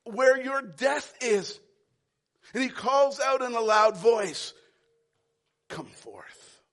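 Man, pastor, sermon, high voice, soft then loud. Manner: preaching with big swings from soft to loud.

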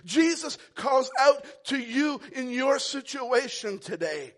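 Man, pastor, sermon, high voice, soft then loud. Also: animated, slow. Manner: preaching with big swings from soft to loud.

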